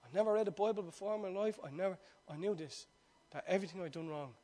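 A man in his forties preaching a sermon with passion, swinging between loud appeals and hushed, intimate stretches, with repeated rhetorical questions. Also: high voice, quick pace. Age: 40s.

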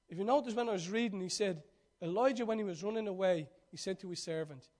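A man delivering a sermon in a high voice. He urges his listeners loudly, then sinks to soft, intimate near-whispers. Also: fast talker, few pauses. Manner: animated, swings from loud urging to hushed near-whisper. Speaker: preacher.

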